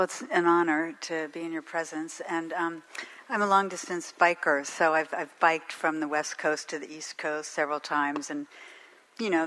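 A woman's voice: sits low, sharp tone, poor audio. A woman from the audience speaking earnestly and a bit hesitantly. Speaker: audience member asking a question. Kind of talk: casual question from the audience.

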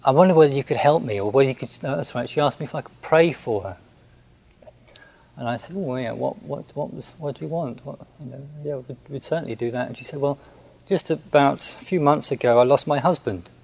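A man who is a Buddhist monk, recounting a personal story in a gentle, hesitant way with many restarts. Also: mid-range voice, fairly quick, creaky, husky, rough recording.

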